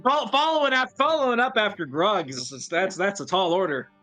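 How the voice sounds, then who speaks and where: A man playing at a game table who reads a short verse in a measured chant. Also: sits high, bright, forceful tone, faint music behind. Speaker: player. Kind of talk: tabletop role-play.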